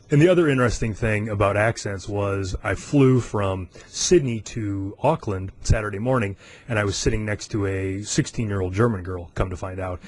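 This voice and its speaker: A man's voice: lowish voice, moderate pace. Chatty American man in his forties. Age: 40s. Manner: chatty and self-amused, with frequent fillers and chuckles. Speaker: podcast host. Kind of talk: casual solo podcast chat.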